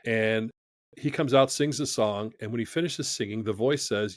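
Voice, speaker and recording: A man's voice: medium pitch, brisk, no echo. A man who is a podcast guest, telling a story in conversation from his studio, acting out the dialogue as he goes.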